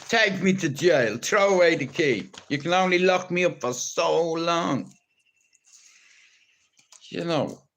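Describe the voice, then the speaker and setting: A man's voice: a little high, a bit bright. An Irish man talking on a live stream in a rambling, blunt and teasing way, with plenty of swearing. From Ireland. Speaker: livestreamer.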